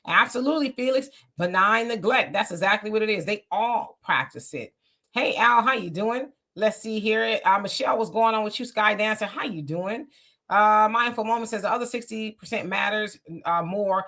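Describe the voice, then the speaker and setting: A woman's voice: medium pitch, normal speed, sharp tone. A woman hosting a live political stream, greeting viewers by name and reading their comments aloud in a casual, emphatic way. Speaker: livestream host.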